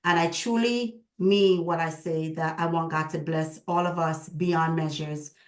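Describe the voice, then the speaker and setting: A woman's voice: sits low, unhurried, roomy sound. A woman hosting a video call, speaking in a heartfelt, prayerful and emotional way. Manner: prayerful and emotional, with lively retold dialogue. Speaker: host.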